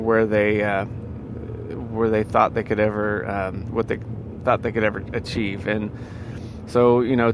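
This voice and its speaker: A man's voice: lowish voice, background noise. Rambling man musing about happiness. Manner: rambling, lots of fillers and restarts. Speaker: vlogger giving life advice. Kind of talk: casual motivational monologue.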